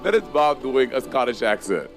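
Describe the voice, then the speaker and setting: A man's voice: medium pitch, very animated, moderate pace, faint music behind. A man in his thirties co-hosting a casual chat, telling stories and swearing freely. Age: 30s. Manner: chatty storyteller, swears freely. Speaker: co-host.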